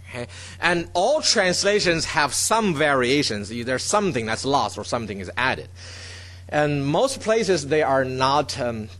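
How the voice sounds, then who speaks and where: A man's voice: a little high, a bit bright. A man teaching a Bible lesson from slides, stressing key words and often checking in with his listeners.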